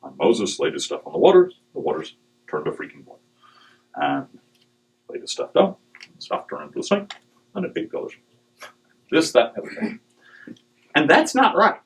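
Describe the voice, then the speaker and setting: A middle-aged man giving a humorous talk to a live audience, animated and joking, with digressions and acted quotes. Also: medium pitch, normal speed, creaky, pauses often, poor audio. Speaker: speaker on dowsing.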